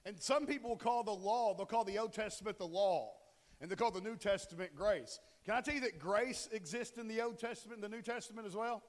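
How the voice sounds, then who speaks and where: Man, pastor, high-pitched, conversational and joking, long church reverb. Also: fairly quick. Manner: joking, conversational, asks the congregation questions. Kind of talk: casual humorous sermon. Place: church sanctuary.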